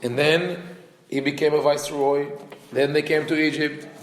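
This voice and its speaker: A man's voice: a little high, level tone, moderate pace. A rabbi teaching a casual class, talking in a conversational, digressive way and acting out quoted lines as he tells a story. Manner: conversational and digressive, peppered with "you know". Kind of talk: casual Torah class lecture. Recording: echoey hall with faint background noise.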